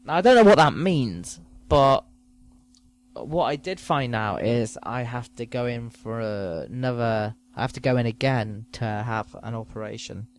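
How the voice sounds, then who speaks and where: A man's voice: medium pitch, animated, measured pace. A man hosting a podcast, rambling through a crude, self-mocking comic monologue. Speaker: podcast host.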